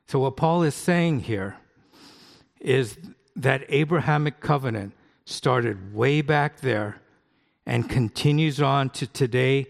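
A middle-aged American pastor preaching in a conversational way, often asking the congregation questions. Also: male voice, medium pitch, gravelly. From United States. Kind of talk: sermon with live demonstration. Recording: long hall reverb.

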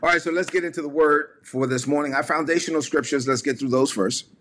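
A man's voice: a little high, fast, a bit bright, soft background music. A man preaching a sermon to an online audience, emphatic and repetitive, calling on listeners to repeat lines aloud. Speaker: pastor.

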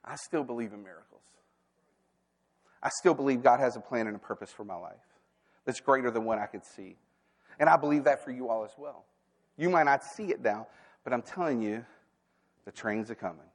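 A man's voice: medium pitch, brisk, pauses often, in a large hall. A man preaching a sermon as a staff pastor, candid and conversational, with asides and quoted inner thoughts. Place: church sanctuary.

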